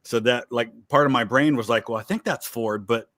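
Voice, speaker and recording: A man's voice: medium pitch, moderate pace, a bit bright. A man from Ohio, a guest on a casual livestream, explaining things thoughtfully.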